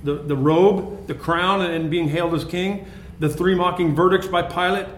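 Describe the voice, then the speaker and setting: A man's voice: high voice, fairly even intonation. Echoey man teaching from the Bible. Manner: reads scripture then explains it with pauses and restarts. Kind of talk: Bible reading and commentary. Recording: echoey room.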